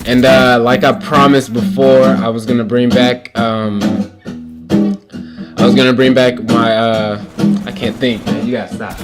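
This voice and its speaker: A young man giving casual game commentary while telling a story, loose and rambling with lots of restarts and fillers. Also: mid-range voice. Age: young adult. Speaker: gaming commentator. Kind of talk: casual storytelling over gameplay. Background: faint guitar playing.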